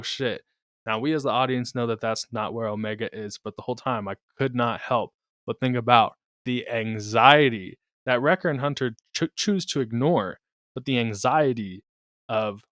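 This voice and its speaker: A man's voice: fairly low pitch, fairly bright tone, no room sound, studio quality. Laid-back man co-hosting a podcast. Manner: laid-back, laughs often, swears casually. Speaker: podcast co-host. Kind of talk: casual chat.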